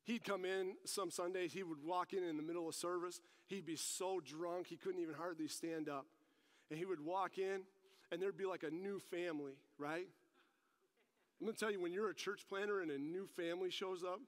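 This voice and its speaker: A man's voice: sits high, fairly even intonation, normal speed. A male pastor delivering a sermon that mixes teaching with personal stories, talking animatedly and pressing his points with rising emphasis. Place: church service. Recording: long reverb of a large hall.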